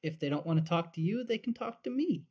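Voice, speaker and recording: A man's voice: high-pitched, lively intonation, quick pace, a little mellow, breathy edge. A man co-hosting a casual podcast, speaking thoughtfully and often restarting his sentences. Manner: thoughtful, repeats words when starting sentences. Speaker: podcast co-host.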